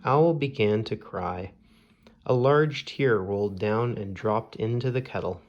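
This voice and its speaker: A man reading a children's storybook aloud in a slow, measured storytelling manner. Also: on the low side, a little mellow, highs cut off. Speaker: storybook reader.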